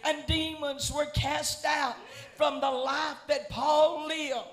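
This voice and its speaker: Male revival preacher, slow shouted chanting cadence, steady high pitch; echoey church room. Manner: rhythmic, repetitive, chanting cadence. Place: church sanctuary. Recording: echoey church with faint music.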